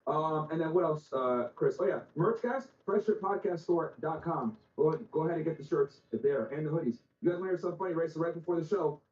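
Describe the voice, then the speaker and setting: A man's voice: a little high, quick pace, few pauses, a little mellow, echoey room, recorded from a distance, highs cut off. A man hosting a podcast, chatting casually with slang and swearing, loose and full of fillers. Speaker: podcast host.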